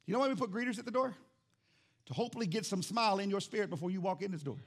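A male pastor preaching an animated sermon in church, calling out to the congregation and acting out little scenes. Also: sits high, very fast. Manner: animated, acts out quotes, calls out to congregation.

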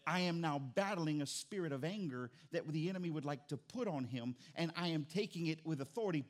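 A pastor preaching a sermon, animated and acting out little dialogues, moving from loud bursts to quiet, low reflection. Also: male voice. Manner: animated, acts out voices and dialogue. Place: church sanctuary.

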